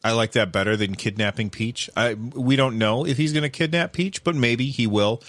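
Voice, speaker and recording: A man giving casual, animated commentary, rambling with lots of fillers and restarts. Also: medium pitch, normal speed, dry recording.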